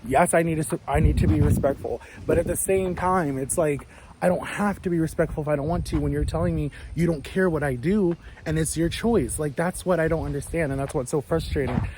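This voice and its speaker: 30s guy vlogging outside, kinda high voice, rambly and chatty, loud street noise behind. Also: a little fast. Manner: rambling, chatty, lots of "like" and restarts. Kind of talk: casual storytelling to camera.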